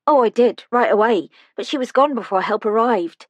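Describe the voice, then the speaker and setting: A jumpy young care-home aide, played by a woman narrator in an audiobook, answering in a higher, hurried, deferential voice. She dodges the questions. The sound is close and dry. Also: animated, no echo. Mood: nervous, evasive.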